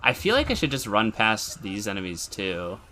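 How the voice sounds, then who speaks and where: A man's voice: fairly low pitch, huge pitch swings, moderate pace, sharp tone, a little hiss or hum. A man streaming a horror game, chatting casually, giggling and thinking aloud as he plays. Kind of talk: casual live-stream chat.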